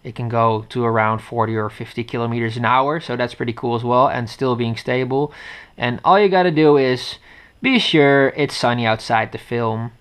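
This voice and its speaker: A man's voice: mid-range voice, normal speed, a bit bright, clear, resonant tone. Rambling Dutch-accented man reviewing gadgets. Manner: rambling, with many fillers and restarts. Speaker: tech reviewer. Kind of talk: unscripted casual review. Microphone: head-mounted action camera.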